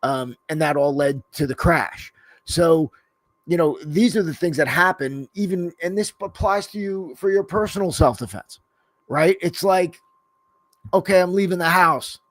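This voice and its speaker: With an unhurried, fairly high voice, a man co-hosts a podcast, drifting through loose casual talk. Profanity comes easily, "you know" fills every gap, and the audio carries no room sound.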